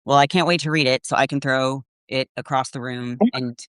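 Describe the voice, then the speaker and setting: A man's voice: mid-range voice, fairly even intonation, a little fast, fairly bright tone, smooth, no room sound, studio quality. A man co-hosting a casual book chat on a video call, upbeat, relaying viewer questions. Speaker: co-host.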